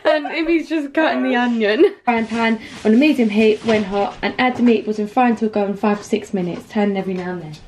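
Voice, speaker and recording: A woman's voice: fairly high pitch, fairly quick, few pauses, a little mellow, slight background noise. A young woman chatting casually to viewers in a vlog, giggly and talkative. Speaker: vlogger.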